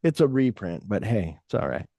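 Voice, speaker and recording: A man's voice: fairly low pitch, sing-song, fairly quick, dark tone, no room sound, clean studio sound. A man hosting a podcast, rambling through casual film talk, acting out quotes and swearing freely. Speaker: podcast host.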